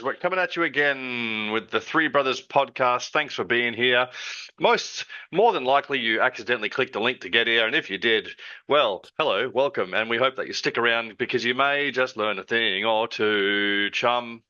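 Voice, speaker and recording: A man's voice: medium pitch, moderate pace, sharp tone. A man hosting a casual podcast, greeting listeners with upbeat, jokey banter. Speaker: podcast host. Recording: dull lo-fi dry sound.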